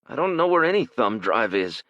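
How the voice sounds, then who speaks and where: A man's voice: medium pitch, sing-song, moderate pace, a bit bright, no room sound, highs cut off, voice pushed up. A man voicing a desperate father who talks urgently and under strain in an audiobook.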